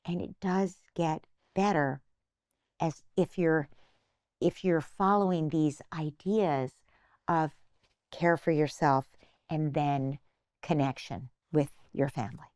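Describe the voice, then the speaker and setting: A woman's voice: sits low, fairly even intonation, slow, darkish tone, no echo, clean studio sound. An older woman, a psychotherapist being interviewed, patiently explaining parenting advice and acting out little imagined phrases. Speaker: guest psychotherapist.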